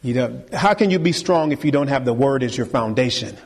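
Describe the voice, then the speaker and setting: A man's voice: mid-range voice, lively intonation, a little fast, creaky, darkish tone, breathy edge, long reverb tail. A man preaching a sermon as pastor, emphatic and repeating key phrases for force.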